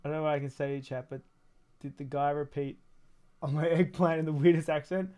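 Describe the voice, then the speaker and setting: A man's voice: fairly high pitch, little pitch movement, quick pace, a little mellow. A man in his thirties chatting casually to his stream while building a toy kit, rambling, swearing and laughing often. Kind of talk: casual livestream chat.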